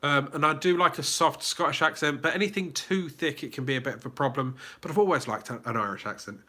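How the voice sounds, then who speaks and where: A man's voice: a little high, fast, pushed and bright. A man with a southern English accent hosting a casual live Q&A, chatting, reading out viewer comments and restarting his sentences. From England. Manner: chatty, reads chat aloud, many fillers and restarts. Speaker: livestream host.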